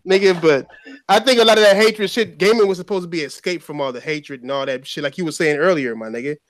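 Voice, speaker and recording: A man hosting a casual podcast chat, animated and slangy, repeating himself as he talks. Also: on the high side, quick pace, dry recording, clean studio sound. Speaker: podcast host.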